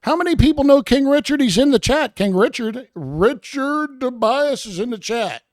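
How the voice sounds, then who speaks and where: A man's voice: extremely high pitch, animated, normal speed, no echo, studio quality. A man hosting a show with rambling, sarcastic commentary, meandering and talking to his chat. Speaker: show host.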